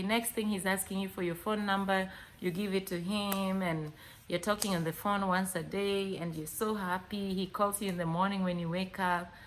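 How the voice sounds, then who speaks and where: A woman with a Kenyan accent talking casually to camera, animated, acting out both sides of chats and mixing in Swahili words. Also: mid-range voice, a little hiss or hum. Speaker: vlogger.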